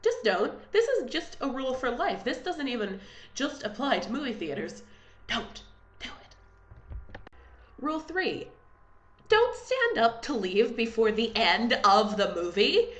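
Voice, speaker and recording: A woman's voice: normal speed, echoey room. A young woman vlogging in a casual, exasperated rant, with a slight lisp and a stuffy voice left over from a cold. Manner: animated, exasperated, with big pitch jumps. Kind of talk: casual ranting vlog.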